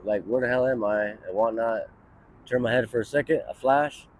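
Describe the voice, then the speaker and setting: A man in his thirties talking outdoors on a city street for a street interview, his voice at an ordinary middle pitch. He rambles through his story, swearing freely and filling gaps with "you know" and "like", while faint traffic noise runs behind him. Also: moderate pace. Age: 30s. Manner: rambling, profane, many fillers like "you know". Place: outdoors on a city street near a bus stop.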